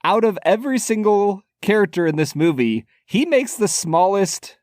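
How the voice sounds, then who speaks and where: A man's voice: high-pitched, very animated, moderate pace, darkish tone, dry recording, studio quality. A man co-hosting a podcast, chatting casually about films in a teasing tone and laughing often. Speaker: podcast co-host. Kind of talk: casual film chat.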